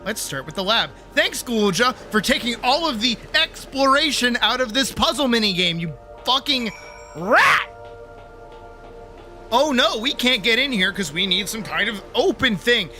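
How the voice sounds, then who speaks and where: A man streaming a game live, ranting and swearing loudly at a puzzle and breaking into laughter. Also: very high-pitched, expressive, moderate pace, hardly any pauses, soft background music. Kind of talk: live gameplay commentary.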